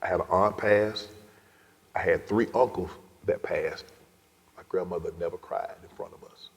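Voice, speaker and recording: A middle-aged man giving an emotional personal story as a guest speaker at an event, his delivery swinging from loud to hushed whispers. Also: low-pitched, normal speed. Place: large event hall. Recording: long reverb of a large hall.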